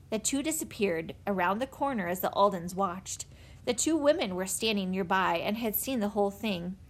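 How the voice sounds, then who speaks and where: A woman narrating a children's audiobook in an expressive storytelling manner. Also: medium pitch, normal speed. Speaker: audiobook reader.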